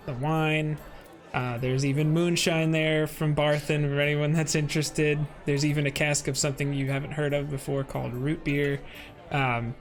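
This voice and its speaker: A man narrating a tabletop game as game master, rambling with many fillers. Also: fairly high pitch.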